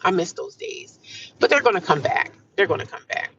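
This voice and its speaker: A woman's voice: lowish voice, big pitch swings, brisk, a bit bright, far from the mic, highs cut off, a little hiss or hum. A middle-aged woman chatting casually while driving, upbeat and full of affirmations, calling her viewers "honey" and "child.". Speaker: vlogger livestreaming from her car. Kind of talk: casual chat.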